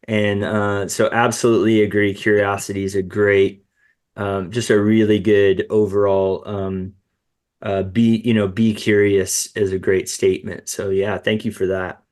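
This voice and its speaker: A man's voice: fairly low pitch, little pitch movement, unhurried, a little mellow. A man talking in a podcast conversation, telling stories in an earnest, reflective way.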